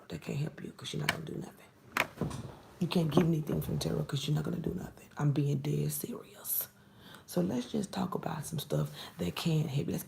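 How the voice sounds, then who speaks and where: A woman's voice: low voice, sing-song, a little fast, creaky. A woman giving a casual tarot reading to camera, blunt and exasperated, often dropping into whispered asides. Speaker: tarot reader.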